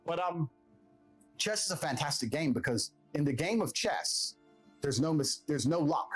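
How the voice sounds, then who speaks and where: A man's voice: a little high, expressive, normal speed, husky, soft background music, poor audio. A man who grew up in England delivers a blunt, profane, self-assured motivational monologue as a podcast guest.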